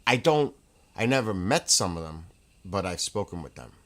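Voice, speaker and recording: A man hosting a casual livestream from home, telling rambling, excitable stories and laughing as he goes. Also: sits low, normal speed. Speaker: livestream host. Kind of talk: casual chat.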